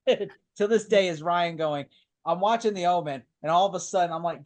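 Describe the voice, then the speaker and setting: A man with a somewhat high voice chats casually on a podcast. He retells scenes with animated energy, acts out the characters' lines, and laughs often. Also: moderate pace. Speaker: podcast co-host. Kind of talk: casual chat.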